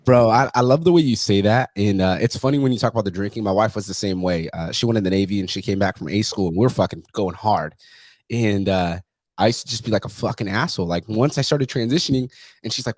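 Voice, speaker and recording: A man's voice: medium pitch, quick pace, darkish tone, no echo, studio quality. A male podcast host in casual interview chat, telling stories in a profane, emphatic way.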